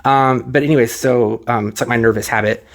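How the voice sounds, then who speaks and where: A man speaks quickly into a microphone at home, telling his viewers a personal story in a loose, rambling way. He keeps restarting his sentences and retells what others said to him, his voice emotional at times. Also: medium pitch, fairly even intonation. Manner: rambling, many fillers and restarts, retells dialogue; emotional, close to tears at moments. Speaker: vlogger. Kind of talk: casual personal story to camera.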